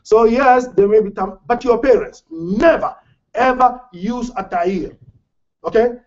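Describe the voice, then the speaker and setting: Imam, male, high voice, chatty storytelling lecture, dull lo-fi class recording. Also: unhurried, darkish tone. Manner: storytelling, jokes with the audience. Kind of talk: informal lecture to a congregation.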